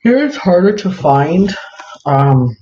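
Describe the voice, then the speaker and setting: A man's voice: high-pitched, very animated, takes it slowly, mellow. A man chatting casually on a livestream, rambling with lots of fillers as he shows his crafts to viewers. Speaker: live-streaming craft seller. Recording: roomy, dull lo-fi, faint hiss.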